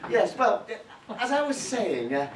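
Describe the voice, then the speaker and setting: Performing stand-up for a live audience, a man delivers a sketch monologue that's flustered and apologetic, riddled with hesitations. His voice sits high with big pitch swings at a moderate pace. Audience laughter fills the background of a noisy, echoey room, the mic set far away.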